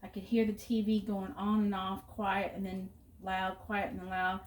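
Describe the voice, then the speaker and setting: A woman's voice: medium pitch, completely flat delivery, normal speed, distant mic, slight background noise. Chatty middle-aged woman cooking, roomy kitchen. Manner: chatty storyteller, rambling asides. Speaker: cooking vlogger. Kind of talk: casual chat while cooking. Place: home kitchen.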